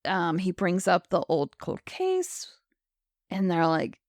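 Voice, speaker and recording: A woman's voice: lowish voice, sing-song, slow, no echo, clean studio sound. A woman co-hosting a podcast, casually recapping an episode and acting out the characters' lines. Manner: chatty, acts out characters' lines in quotes. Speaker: podcast co-host.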